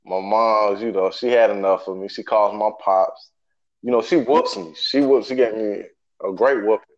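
A man's voice: lowish voice, fairly even intonation, normal speed. A young man telling a story about his school days in casual chat, easygoing and self-mocking with frequent laughs. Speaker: co-host. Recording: dull lo-fi sound.

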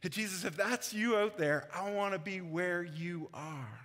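High-voiced pastor preaching in an echoing hall. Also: male voice, takes it slowly, a bit bright. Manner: conversational, laughs often. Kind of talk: sermon. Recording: long hall reverb.

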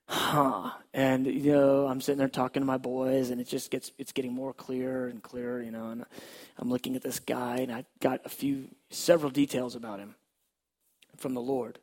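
Gravelly husky man telling a story. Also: mid-range voice, steady tone, moderate pace. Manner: conversational storytelling, drops to hushed tones at tender moments. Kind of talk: testimony story.

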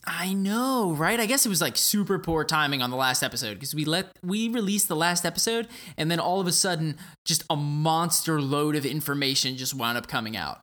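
A man's voice: on the high side, animated, a little fast, few pauses, pushed and bright. A man co-hosting a casual gaming podcast, upbeat and playful with lots of filler words. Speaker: podcast co-host. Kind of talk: casual chat.

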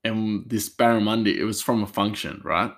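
A man's voice: fairly low pitch, normal speed. A man, a chef, telling work stories in a rambling casual way with many fillers and restarts. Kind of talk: casual storytelling.

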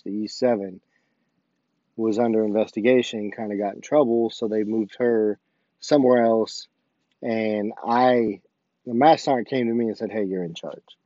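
A man's voice: lowish voice, no room sound, muffled recording. A man, an army sergeant, casually telling a story about his duty station and acting out the dialogue. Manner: animated, acts out quoted dialogue.

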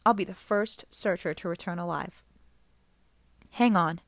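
A woman's voice: fairly low pitch, fairly quick, vocal fry, a bit bright, no echo. A woman narrating an audiobook chapter, reading the dialogue without separate character voices.

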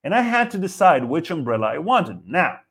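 A man's voice: on the high side, very animated, fairly quick, fairly bright tone, slightly rough. A man in his thirties from Israel, ranting as a comedy host in a rambling, profane, self-interrupting way. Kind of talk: live comedy rant.

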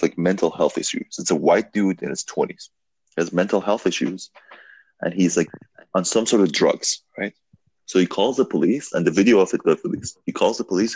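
A man telling a long story in a casual podcast conversation, animated and full of fillers, swearing now and then. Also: low voice, slightly rough, dry recording.

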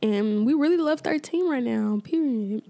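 A woman's voice: fairly high pitch, expressive, normal speed, gravelly, mellow. A woman hosting a casual faith podcast, talking informally with lots of fillers and repeated phrases for emphasis. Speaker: podcast host.

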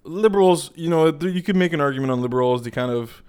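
A man's voice: a little high, fast, darkish tone, clear, resonant tone. A young Canadian man with a Canadian accent giving a rambling, profane political rant, heated and full of digressions. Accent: Canadian English.

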